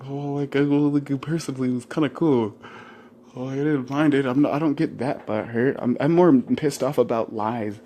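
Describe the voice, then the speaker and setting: A young man talks in a loose, rambling rant, full of swearing and short laughs. His voice sits at an ordinary middle pitch, and he slips into put-on voices to act out what others say. A faint hiss of background noise runs under the recording. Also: fairly even intonation, moderate pace, mellow. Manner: rambling, profane, laughs often, acts out quotes in other voices. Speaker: vlogger. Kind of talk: casual rant to camera.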